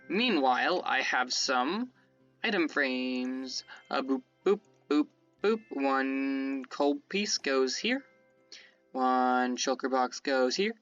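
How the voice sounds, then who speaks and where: A man's voice: mid-range voice, slow, fairly bright tone, lo-fi sound, faint music behind. A man giving casual gameplay commentary as he builds, rambling and correcting himself as he explains his setup to viewers. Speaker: Minecraft let's-play creator.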